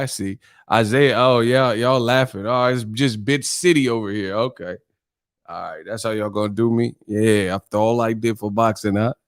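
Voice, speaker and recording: Profane animated man hosting a live stream. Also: mid-range voice, dry recording, clean studio sound. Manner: animated, profane, teasing with chat. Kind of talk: casual live stream commentary.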